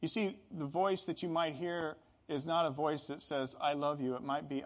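A man's voice: on the high side, steady tone, moderate pace, hardly any pauses. A middle-aged man preaching a sermon as pastor, earnest and building to emphatic bursts.

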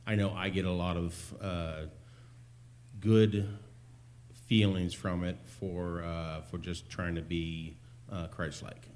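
Deep, flat-voiced man testifying at church. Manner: earnest, halting, many fillers. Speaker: men's group member giving testimony. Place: church sanctuary.

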